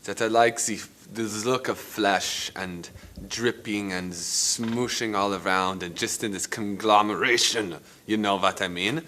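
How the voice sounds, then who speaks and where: A man's voice: lowish voice, steady tone, measured pace, pushed and bright, slight background noise. An actor playing a rambling, eccentric male painter in a comedic mockumentary interview, talking casually and crudely.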